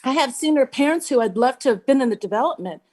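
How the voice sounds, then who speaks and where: A woman's voice: high-pitched, animated, fast, a little mellow. A woman giving a frustrated, emphatic public comment at a city meeting, talking bluntly as she calls in remotely.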